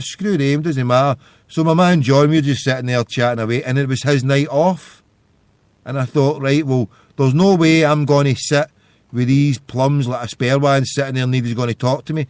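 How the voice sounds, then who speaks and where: This casual monologue comes from a Scotland-born podcast host who tells stories in a loose, meandering way. His mid-range voice moves at a normal speed, recorded without echo.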